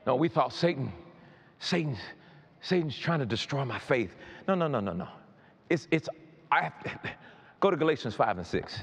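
A man preaching a sermon, emphatic and repetitive, building up to shouts. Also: mid-range voice, lively intonation, moderate pace, pauses often, breathy edge. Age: adult.

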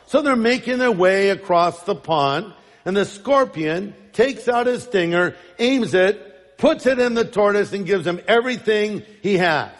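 A man's voice: high-pitched, expressive, a little slow. A man preaching a sermon as pastor, emphatic and fond of rhetorical questions. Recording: long reverb in large hall.

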